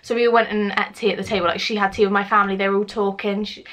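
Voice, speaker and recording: A woman's voice: medium pitch, level tone, racing, fairly bright tone. A young woman chats through a personal story for her vlog. She talks casually to the camera at home, swears freely and acts out the lines of the people in it. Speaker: vlogger.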